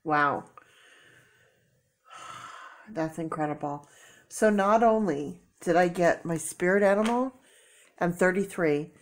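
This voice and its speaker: Woman, middle-aged, tearful, low-ish voice, casual tarot reading, emotional exclamations. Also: slight background noise. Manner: emotional, exclaiming, thinking aloud. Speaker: tarot reader.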